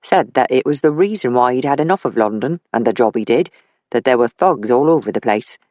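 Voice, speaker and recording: Voiced by the audiobook narrator, a plain-spoken older working-class father talks in a lowered, grainy voice. His speech is homely and kindly. The reading is dry and close, with no room around it. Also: animated, a little fast, darkish tone, no room sound, highs cut off, lightly acted. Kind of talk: audiobook character voice.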